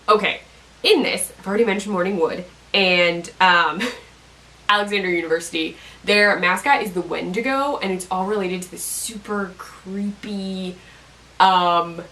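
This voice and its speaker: A woman's voice: mid-range voice, fairly bright tone, distant mic, rough recording. Chatty young woman, a bit off-mic. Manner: rambling, many fillers and self-corrections. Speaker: vlogger reviewing a podcast. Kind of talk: casual chat.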